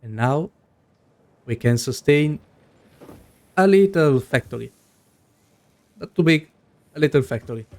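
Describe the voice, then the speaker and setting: A man's voice: on the high side, animated, unhurried, pauses often, darkish tone. A young man, not a native English speaker, giving casual gameplay commentary and thinking aloud with many fillers. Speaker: gaming video host.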